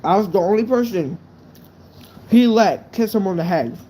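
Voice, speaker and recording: A man's voice: sits high, lively intonation, normal speed, dark tone, a little hiss or hum. A young man casually telling a true story on a live stream, rambling and swearing, with lots of "right?" fillers.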